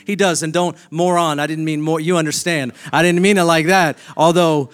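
High-voiced man preaching emphatically. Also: fairly even intonation, moderate pace, clear, resonant tone. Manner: emphatic preaching with repeated declarations. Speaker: pastor. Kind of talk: sermon.

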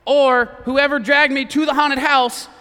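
Young guy preaching to teens, high bright voice, chatty with jokes, goes quiet for the serious bits. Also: flat delivery, a little slow, in a large hall. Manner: conversational, drops to a hush for emphasis; jokey asides to a young audience. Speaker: youth preacher. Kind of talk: sermon.

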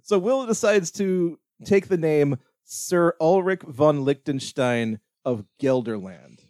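A man's voice: on the high side, animated, slow, a little mellow, no echo, studio quality. Jokey man chatting about a movie. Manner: rambling, jokey, laughs often. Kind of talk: casual movie podcast chat.

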